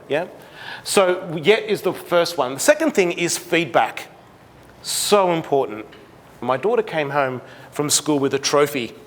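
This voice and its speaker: A middle-aged Australian man with a fairly high voice gives an animated seminar talk to parents, acting out conversations with his daughter. He's in a large school hall, and a long reverb trails his words.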